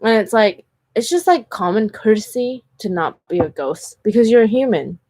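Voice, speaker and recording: A woman's voice: mid-range voice, expressive, moderate pace, mellow, dry recording. Chatty woman vlogger, dry sound. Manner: chatty, heavy use of "like" fillers; earnest and candid. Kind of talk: casual storytelling vlog.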